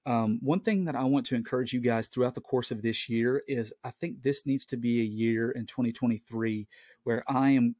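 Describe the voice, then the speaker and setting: A man's voice: medium pitch, fairly even intonation, moderate pace, darkish tone, dry recording. Earnest man hosting a home podcast. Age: late 20s. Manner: earnest, rambling storytelling. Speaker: Christian podcast host. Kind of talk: casual solo podcast talk. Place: at home, family in the next room. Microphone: own podcast mic.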